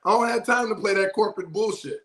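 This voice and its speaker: A man's voice: sits high, fast talker, roomy sound, a loud crowd. A man on a casual panel, telling stories in a blunt, emphatic way with swearing. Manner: emphatic, blunt, profane storytelling. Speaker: panel guest.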